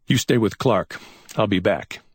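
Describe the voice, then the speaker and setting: A man's voice: lowish voice, a little slow, breathy edge, dry recording, clean studio sound, voice pushed up. A man voicing a stubborn male naval investigator who talks curt and clipped in a crime audiobook.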